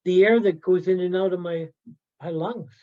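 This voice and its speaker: A man's voice: high voice, moderate pace. Guy from the yukon telling stories over a video call, keeps saying right? and you know, kinda dull audio. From Yukon, Canada. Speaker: workshop storyteller. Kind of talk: personal storytelling talk.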